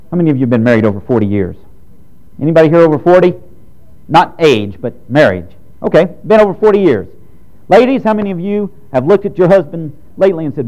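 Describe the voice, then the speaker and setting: A man's voice: fairly high pitch, lively intonation, quick pace, warm tone, poor audio. A man in his thirties preaching a sermon to his congregation, direct and frank, with strong emphasis. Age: 30s. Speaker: pastor.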